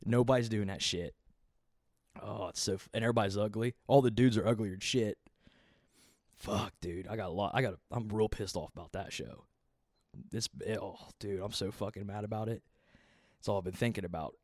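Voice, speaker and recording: A man's voice: fairly low pitch, fairly quick, long pauses, a little mellow, no echo, clean studio sound. A man in his thirties ranting casually and profanely as a podcast host, rambling and exasperated. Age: 30s.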